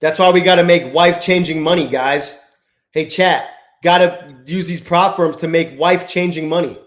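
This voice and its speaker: A man hosting a live trading stream, chatting with viewers, swearing often and swinging between low mutters and exasperated outbursts. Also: normal speed, echoey room. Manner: profane, exasperated, talks to chat. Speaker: livestream trading host.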